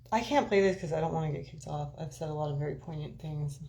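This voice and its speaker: A woman's voice: deep voice, moderate pace, gravelly, long pauses, mellow. A woman hosting a live stream, chatting with viewers in a rambling, candid and profane way. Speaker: livestream host chatting with viewers. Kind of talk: casual chat.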